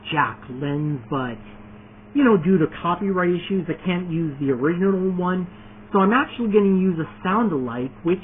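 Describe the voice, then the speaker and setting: A high-voiced man rambles eagerly through a casual vlog. He restarts sentences and leans on fillers. The sound is thin and phone-like, with a faint hiss behind it. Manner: eager, keeps adding more points. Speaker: video creator announcing his fan series.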